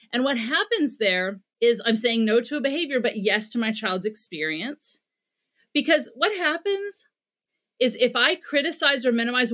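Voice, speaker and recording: A woman's voice: a little high, expressive, moderate pace, fairly bright tone. Earnest American woman explaining parenting. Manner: earnest, explanatory, acts out quoted dialogue. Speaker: parenting expert guest. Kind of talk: podcast interview, explaining advice.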